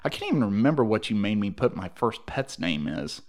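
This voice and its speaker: A man's voice: on the low side, very animated, brisk. Laid-back Texan man co-hosting. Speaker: podcast co-host. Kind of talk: casual chat.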